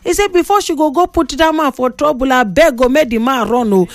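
A high-voiced Nigerian woman hosts a lively talk show, teasing and exclaiming as she reads out listener comments. Her voice sits dry and close, with no room sound. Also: fairly quick, dry recording. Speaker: radio call-in host reading listener comments.

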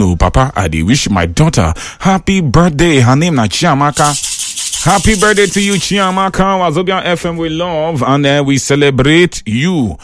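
A male radio host with a Nigerian Pidgin accent, reading out listener messages and greetings on a call-in show with loud exclamations and laughter. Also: medium pitch.

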